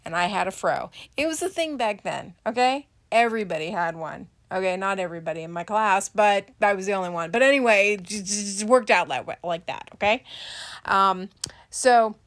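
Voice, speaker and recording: A woman's voice: medium pitch, animated, moderate pace, a bit bright. A middle-aged woman chatting casually to camera about her doll collection. She rambles and makes joking, self-deprecating asides. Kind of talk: casual unboxing chat to camera.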